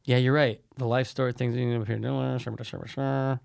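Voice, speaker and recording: A man's voice: medium pitch, flat delivery, slow, creaky, darkish tone. A man co-hosting a casual chat, easygoing and slangy, often agreeing with "yeah" and "dude.".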